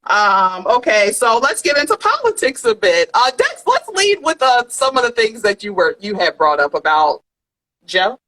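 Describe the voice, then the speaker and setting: Casual philly woman podcaster, animated and laughy, cusses a lot, highish voice with big ups and downs. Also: moderate pace, rough recording. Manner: animated, laughs often, swears freely. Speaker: podcast co-host. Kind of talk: casual chat.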